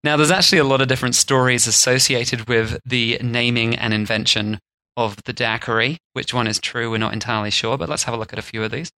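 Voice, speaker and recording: A man's voice: mid-range voice, steady tone, fast, pushed and bright, no room sound. A man co-hosting a casual podcast chat, telling a story and slipping into joking mock voices. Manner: storytelling, puts on mock accents for humor. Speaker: podcast co-host.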